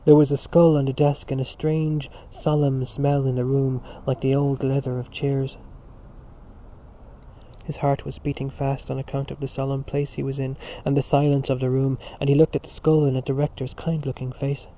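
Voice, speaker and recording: Man reading a novel, really dark mellow voice, kinda muffled lo-fi audio. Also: medium pitch. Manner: measured, even storytelling. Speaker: audiobook narrator. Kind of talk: scripted narration. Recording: dull lo-fi recording.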